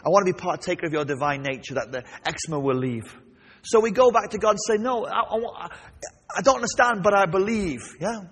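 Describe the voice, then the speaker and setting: Man, preacher, sermon, husky tone, fairly high pitch, questioning the congregation. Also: a little fast. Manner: animated, asks the congregation questions. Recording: long reverb of a large hall.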